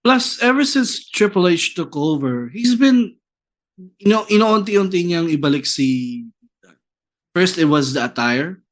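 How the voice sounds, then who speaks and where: A man co-hosting a wrestling podcast, chatting casually and switching between languages with halting restarts. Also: sits high, expressive. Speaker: podcast co-host. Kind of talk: casual chat.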